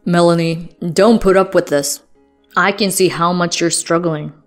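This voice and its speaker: A woman's voice: fairly low pitch, fairly even intonation, unhurried, natural voice. A woman narrator voicing a furious, protective brother confronting his sister's husband, over faint music. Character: angry protective older brother, company head.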